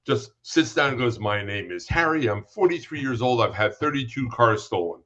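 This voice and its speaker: A man's voice: mid-range voice, animated, moderate pace, fairly bright tone, dull audio. A man, a psychic guest in a casual interview, telling anecdotes and acting out the people in them. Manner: storytelling, acts out quoted dialogue.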